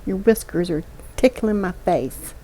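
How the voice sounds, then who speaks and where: A woman streaming from home, chatting slowly and softly to her cat at a desk microphone. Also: medium pitch, low-quality recording. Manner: slow, soft baby talk to her cat. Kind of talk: casual chat with her cat while gaming.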